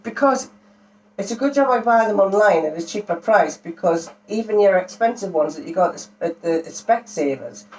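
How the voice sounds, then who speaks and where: Chatty older woman with a lively voice. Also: normal speed, husky. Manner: chatty, laughing often, coos to her cat in a high voice. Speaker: vlogger. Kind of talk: casual home vlog chat.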